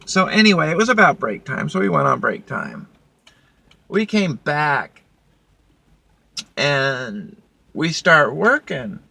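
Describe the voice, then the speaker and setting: A woman's voice: low-pitched, sing-song, slow pace, vocal fry, pauses often, sharp tone, no echo. A woman vlogger telling a work story in a blunt, profane, casual way. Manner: blunt, profane, heated retelling.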